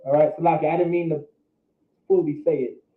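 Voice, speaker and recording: A man with a high voice teaches a pronunciation lesson, sounding out syllables slowly and over and over. He is heard from across an echoey room on a tinny, phone-like recording. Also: steady tone. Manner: slow, repetitive drilling of syllables. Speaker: language teacher.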